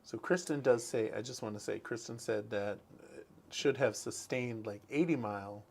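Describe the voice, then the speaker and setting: A man's voice: medium pitch, normal speed, vocal fry, slight background noise. A man co-hosting a casual local news chat over a video call, easygoing and dry. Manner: easygoing, dry, laid-back. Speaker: co-host.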